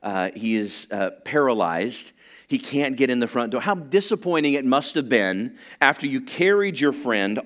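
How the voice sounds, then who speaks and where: A middle-aged man preaching a sermon at a medium pitch. He tells the story in a relaxed, conversational way, often restarting his sentences. Then he climbs into loud, fervent excitement. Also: moderate pace. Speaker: pastor.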